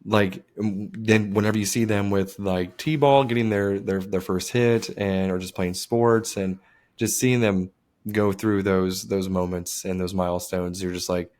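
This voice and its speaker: Low-voiced man, wry and casual. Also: steady tone, unhurried, darkish tone. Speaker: podcast co-host. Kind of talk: casual chat.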